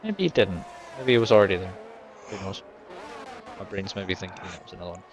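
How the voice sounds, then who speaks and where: A man's voice: low-pitched, brisk. A man co-commentating an online motor race in a loose, rambling way who often second-guesses what he has just said. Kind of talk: sim racing commentary.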